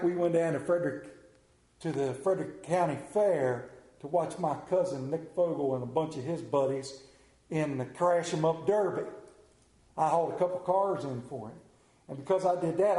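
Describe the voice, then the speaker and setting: A middle-aged man preaching a sermon, telling folksy stories and swinging between hushed and animated delivery. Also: a little high. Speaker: pastor. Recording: echoey room.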